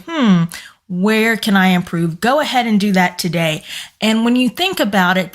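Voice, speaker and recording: A woman speaks straight to her viewers in a relaxed, motivational tone, urging them to grow their business skills. Her voice is hoarse and strained, as if she is losing it. She speaks earnestly, with the odd filler and restart. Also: medium pitch. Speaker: business coach and former corporate employee. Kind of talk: casual motivational talk to camera.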